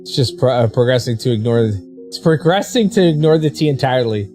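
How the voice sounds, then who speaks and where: A man's voice: medium pitch, animated, a little fast, warm tone, faint music behind. A man with a Baltimore accent chatting casually with viewers on a live game stream, rambling and repeating words as he restarts his thoughts. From Baltimore, USA.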